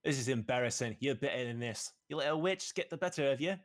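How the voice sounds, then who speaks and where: A man's voice: mid-range voice, expressive, fast talker, no echo, studio quality, pitched above the performer's own voice, close to an everyday voice. A man voicing a stern, scarred elf woman knight in her fifties who scolds curtly. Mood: scolding. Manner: curt, scolding.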